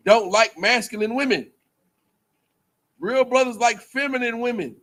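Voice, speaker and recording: A man's voice: very high-pitched, a little slow, pauses often, a bit bright. A man giving a casual, rambling preaching talk to a group, full of slang and repeated phrases. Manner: rambling, repetitive, colloquial. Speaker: speaker in a group teaching session.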